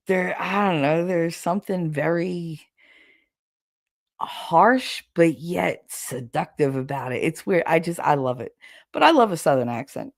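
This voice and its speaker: A middle-aged woman with a thick regional American accent hosts a casual livestream chat, swearing casually and laughing often. Her voice sits low, and her livestream setup yields a dry, studio-quality recording.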